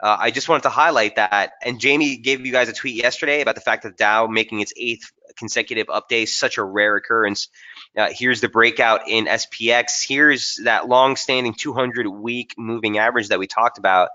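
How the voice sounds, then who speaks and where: A man's voice: medium pitch, steady tone, normal speed, pushed and bright, dull audio. A man presenting a live trading webinar, talking through charts casually with many fillers and restarts. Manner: casual, thinking aloud with frequent fillers and restarts.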